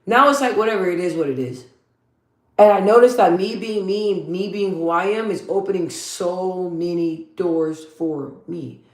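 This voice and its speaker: A woman vlogger talks straight to camera as she does her makeup at home, her voice bassy and, she says, deep for her. At a normal speed she gets emphatic, blunt and slangy, hammering points home through repetition like a motivational talk, with a roomy echo around her.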